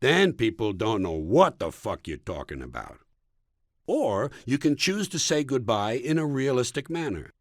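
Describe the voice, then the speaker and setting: This American man reads his own comic audiobook at a measured pace, his pitch swinging big from line to line. He's sardonic and mocking, landing punchlines with a jab, and the close studio recording is dry with no room sound.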